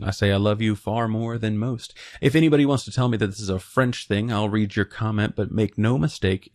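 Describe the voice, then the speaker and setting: A man's voice: lowish voice, a little mellow. A young man hosting a video essay, giving opinionated commentary with joking asides. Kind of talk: casual commentary.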